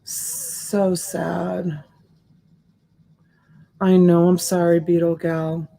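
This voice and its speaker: A woman's voice: fairly low pitch, flat delivery, drawn-out words, gravelly, dark tone. A woman hosting a live selling stream, chatting casually and answering viewer comments by name in a sympathetic way. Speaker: live-stream seller and host.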